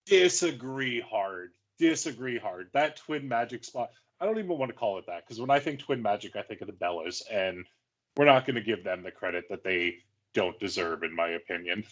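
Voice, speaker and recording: A man's voice: on the low side, expressive, a little fast, fairly bright tone, dull audio. A man co-hosting a podcast, arguing and joking with frequent swearing. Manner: profane, joking, argumentative. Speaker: podcast co-host. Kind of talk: casual podcast banter.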